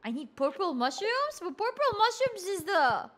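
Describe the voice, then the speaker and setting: Bright, lively woman streamer, swearing freely. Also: moderate pace. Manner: profane, chatty with viewers; voice jumps high when she gets angry. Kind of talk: casual gameplay commentary.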